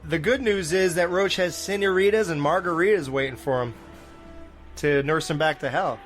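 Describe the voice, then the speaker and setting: A man co-hosting a casual movie review podcast, animated, laughing often and acting out lines. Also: a little high, moderate pace, soft background music. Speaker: podcast co-host.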